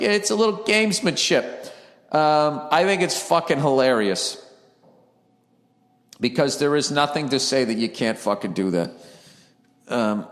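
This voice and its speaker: A man hosting his podcast alone, talking in a rambling, profane and sarcastic way from the attic of a house. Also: mid-range voice. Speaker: podcast host. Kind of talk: casual solo podcast monologue. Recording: echoey attic room.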